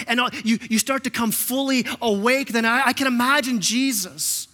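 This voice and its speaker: A man preaching a sermon as pastor, impassioned, often repeating words and acting out quotes in a softer voice. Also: very high-pitched, normal speed. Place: church sanctuary. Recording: long reverb of a church hall.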